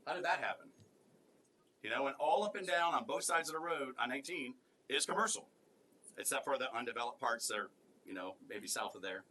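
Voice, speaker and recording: A man's voice: medium pitch, animated, brisk, slight background noise. A male county commissioner arguing with rising passion in a public board meeting. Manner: impassioned, rising to forceful protest.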